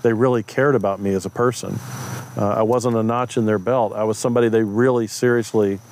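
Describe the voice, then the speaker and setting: A man's voice: fairly low pitch, steady tone, a little fast, darkish tone, a little hiss or hum. A man, perhaps a pastor, casually telling a story about faith, acting out the lines of people he met, with plenty of ums and uhs. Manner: anecdotal, acts out quoted dialogue, frequent fillers. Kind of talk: conversational storytelling talk.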